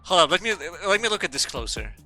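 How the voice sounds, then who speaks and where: A man's voice: sits high, big pitch swings, fast, pushed and bright, soft background music. A man streaming a game, dubbing its lines and riffing in crude jokes with occasional silly voices. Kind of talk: casual gaming commentary, dubbing game lines.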